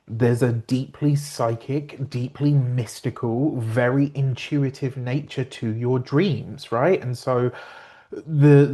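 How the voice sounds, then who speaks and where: A man with a mid-pitched voice hosts a talk on astrology. He explains things in an earnest, rambling way, with fillers and quick corrections, and he drops into a slower pace when he wants a point to land. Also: darkish tone. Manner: meandering and earnest, slows down to stress points, with fillers and self-corrections. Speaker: astrologer and tarot reader. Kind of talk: casual spoken explanation to camera.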